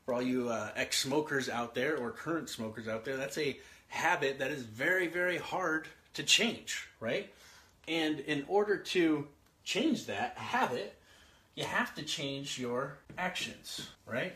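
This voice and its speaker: His voice a little high and his delivery a little slow, this man, probably in his thirties, gives a casual motivational talk full of energy. Questions to the listener and frequent repetition punctuate his speech as he writes out an outline.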